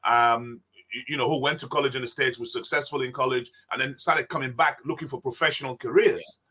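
A man's voice: medium pitch, fairly quick, husky. An older man, a former basketball player, telling stories in a conversational interview and acting out the dialogue as he goes. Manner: animated, acts out dialogue in the stories. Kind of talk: conversational storytelling.

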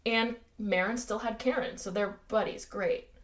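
A woman's voice: fairly high pitch, steady tone, normal speed. Chatty American woman co-hosting. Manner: chatty, filler-heavy, wry asides. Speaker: podcast co-host. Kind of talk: casual true-crime chat.

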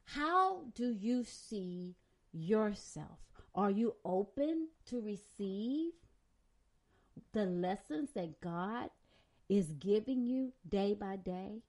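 Woman, sermon, unhurried delivery, dramatic swings from loud to soft. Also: medium pitch, lively intonation. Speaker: preacher.

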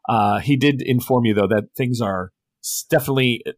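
A man's voice: medium pitch, brisk, no echo, clean studio sound. A man running a tabletop game as game master, telling the scene vividly and laughing often.

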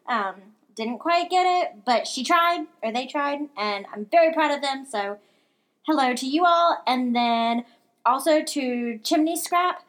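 A woman hosting a casual book podcast with a high voice. She talks in a chatty, rambling way, stopping and restarting her thoughts as she goes. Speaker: podcast co-host. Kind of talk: casual chat.

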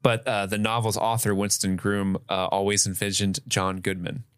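A man co-hosting a casual film review podcast, lively and quick to laugh, sharing movie trivia. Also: fairly low pitch, clean tone, dry recording, studio quality. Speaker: podcast co-host.

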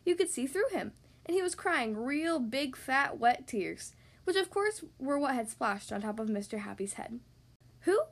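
A woman reads a picture book aloud to young children in a high voice. Her storytelling is gentle and expressive. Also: normal speed. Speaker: podcast host reading to kids.

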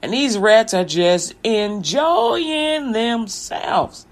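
A woman's voice: on the high side, animated, very slow. A woman teacher retelling a fairy tale in a playful, laughing, slangy way.

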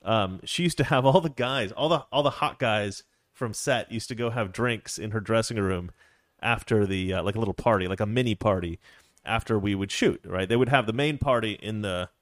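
At a moderate pace and in a lowish voice, a male co-host meanders through long stories during a casual chat. He restarts frequently and uses many fillers, and the recording is dry and studio-clean.

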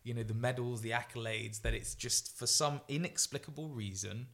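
A man who is a guest athlete on a podcast, telling stories in an animated way, acting out quotes, with frequent fillers and restarts. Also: mid-range voice, normal speed. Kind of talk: storytelling podcast chat.

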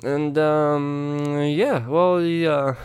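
A man's voice: fairly high pitch, steady tone, very slow, a little mellow, smooth, no room sound. A young man casually retelling a story in a rambling, profane way, full of fillers and restarts.

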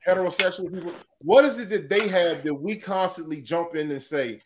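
A man with a high voice co-hosts a casual podcast, blunt and profane and hammering his points home. His delivery is emphatic. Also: a little fast, over a noisy crowd. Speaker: podcast co-host.

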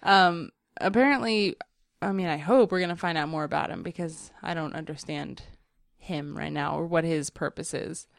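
A woman's voice: sits low, normal speed, creaky, no room sound, studio quality. A woman co-hosting a casual TV recap podcast, laughing often and giving blunt, wry opinions. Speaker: podcast co-host.

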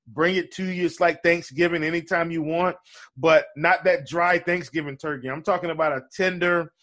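A man's voice: fairly high pitch, a bit bright. A man co-hosting a casual basketball betting podcast, talking in a loose way with fillers and restarts. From lives in Charleston area. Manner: conversational, hesitant fillers and restarts. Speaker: fantasy basketball podcast co-host.

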